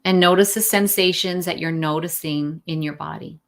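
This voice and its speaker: Woman calmly guiding a breathing lesson. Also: sits low, normal speed, creaky. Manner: relaxed, guiding, with fillers and self-corrections. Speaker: wellness coach. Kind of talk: live-streamed breathing lesson. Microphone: phone.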